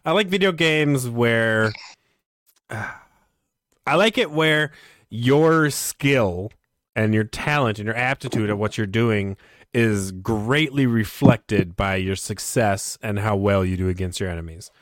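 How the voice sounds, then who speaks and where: A man's voice: on the low side, measured pace, dry recording, clean studio sound. A man co-hosting a casual video game podcast, opinionated and profane. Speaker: podcast co-host. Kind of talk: casual gaming chat.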